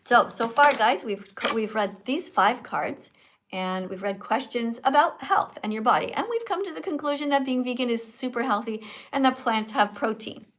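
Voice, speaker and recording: A woman from Canada hosting a casual live stream, chatty and animated, quizzing guests in a teacherly way. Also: a little high, normal speed, a little hiss or hum.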